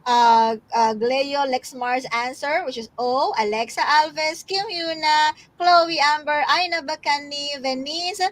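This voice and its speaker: Filipino woman, online tutor, high voice, filler-heavy. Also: unhurried, hardly any pauses, no room sound. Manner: reads out learners' names, many fillers. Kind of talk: live online lesson.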